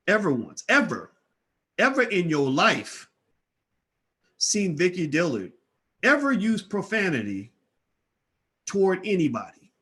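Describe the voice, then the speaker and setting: A man with a slightly high voice speaks straight to his online audience in casual commentary. He presses hard, demanding yes-or-no answers again and again. He often stumbles and restarts his words as he goes. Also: fairly bright tone. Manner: stammering restarts.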